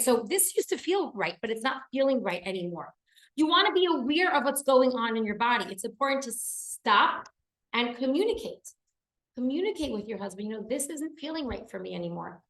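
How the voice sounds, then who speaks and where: Female teacher, earnest lecture delivery, leans on repeated words, roomy echo. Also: fairly high pitch. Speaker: teacher of a class for women. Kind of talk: lecture to a class.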